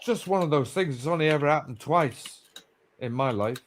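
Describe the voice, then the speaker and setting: A man's voice: fairly high pitch, lively intonation, moderate pace, a little hiss or hum. A man on a livestream panel, rambling through a story with lots of fillers and swearing. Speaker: livestream guest. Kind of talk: casual chat.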